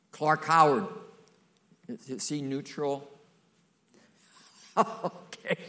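A man's voice: medium pitch, a bit bright. An older man preaching a sermon, folksy and emphatic, with playful asides to the congregation.

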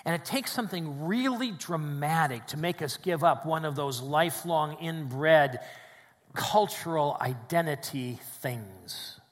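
A man's voice: fairly high pitch, measured pace. Preaching man in a reverberant church. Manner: dynamic preaching, swings between loud emphasis and quiet drops. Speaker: pastor. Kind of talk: sermon. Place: church sanctuary with congregation.

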